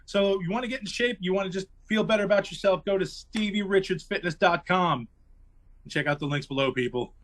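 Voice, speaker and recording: A man's voice: high-pitched, brisk, fairly bright tone. A man co-hosting a podcast, giving a jokey, hyped-up plug and urging listeners like a preacher. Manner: hyped, mock-preachy exhortation. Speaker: podcast co-host.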